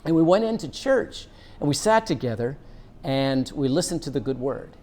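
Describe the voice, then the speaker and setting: A man's voice: fairly high pitch, very animated, darkish tone, a little hiss or hum. A middle-aged man, a former police officer, earnestly telling a personal story and drawing a lesson from it. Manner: earnest, unhurried, draws out a lesson.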